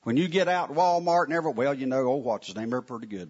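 A man preaching a sermon to his congregation in a church, folksy and animated, with asides to the listeners. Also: mid-range voice, fast talker. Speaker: pastor. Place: church sanctuary. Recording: muffled lo-fi sound.

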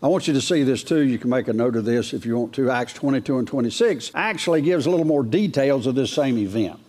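A man delivers a folksy verse-by-verse sermon at a mid-range pitch. His voice climbs higher whenever he reads scripture aloud, and he keeps checking in with the congregation through questions. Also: expressive, fast talker, a little mellow. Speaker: preacher.

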